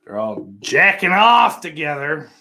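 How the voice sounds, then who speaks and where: A man's voice: a little high, sing-song, unhurried. Foul-mouthed man chatting on a livestream. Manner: crude and profane, talks to chat; rambling, with sudden loud greetings. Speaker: livestream host. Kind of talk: casual livestream chat with viewers.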